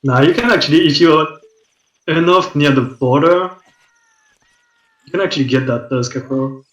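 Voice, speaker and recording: A man's voice: a little high, normal speed, echoey room, muffled recording. A man commentating a game in a chatty, casual way, often restarting his sentences.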